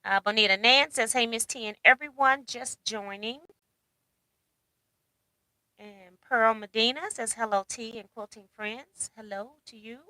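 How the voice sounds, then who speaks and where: A woman's voice: fairly high pitch, steady tone, a little slow, sharp tone, no room sound, low-quality recording. A woman hosting a casual livestream, reading out viewer comments and chatting with a laugh. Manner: chatty, laughs often, reads comments aloud. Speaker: livestream host.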